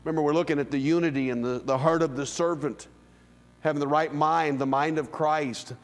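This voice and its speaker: A man in his fifties preaching a sermon as pastor, dropping to hushed low lines and rising to loud, high calls. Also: steady tone, brisk. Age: 50s. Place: church sanctuary. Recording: long hall reverb.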